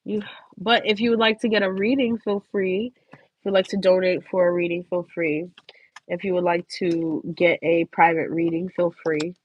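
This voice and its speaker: Chatty young woman, husky lo-fi voice. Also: lowish voice, fairly even intonation, moderate pace, dry recording. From Philadelphia. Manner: chatty storytelling, laughs a lot. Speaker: tarot livestream host. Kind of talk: casual livestream chat. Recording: dull lo-fi stream audio.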